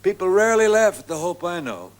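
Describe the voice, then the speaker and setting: An American man in his seventies, hosting, with a relaxed, wry, chuckling delivery in scripted comedy banter. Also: sits high, quick pace, soft background music. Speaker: show host.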